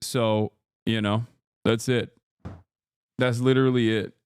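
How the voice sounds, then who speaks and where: A man's voice: mid-range voice, little pitch movement, slow pace, clear, resonant tone. A man streaming and reacting to clips in casual commentary, blunt and profane, rambling with many fillers. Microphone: streaming microphone with noise gate.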